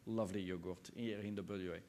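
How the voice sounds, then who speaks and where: French chef telling stories, hesitant. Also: male voice, low-pitched, steady tone, brisk, dark tone, a little hiss or hum. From France. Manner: hesitant, many "uh" fillers and restarts, anecdotal. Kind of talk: interview conversation.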